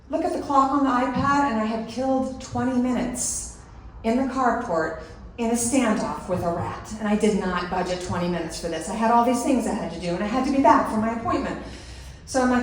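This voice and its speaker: A middle-aged woman telling a story on stage, animated and breaking into laughter mid-sentence. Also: mid-range voice, brisk, slight background noise. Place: large hall at a live event. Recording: echoey hall, picked up from a distance.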